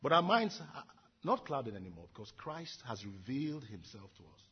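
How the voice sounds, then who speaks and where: A man preaches an earnest sermon with a very husky, raspy voice. His pitch swings widely as he drives his points home, repeating phrases for weight. The recording sounds dull and lo-fi. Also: sing-song, normal speed. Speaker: pastor.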